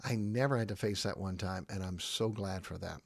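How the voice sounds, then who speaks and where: Emphatic middle-aged pastor, dry sound. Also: male voice, low-pitched, normal speed, creaky, dry recording. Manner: conversational and emphatic, checks in with "okay?". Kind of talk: casual podcast teaching.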